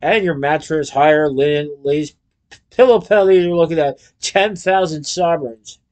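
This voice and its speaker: A man reading a storybook, voicing a greedy, scheming older landlady with a sly, low, wheedling manner. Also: normal speed, a little mellow, lightly acted.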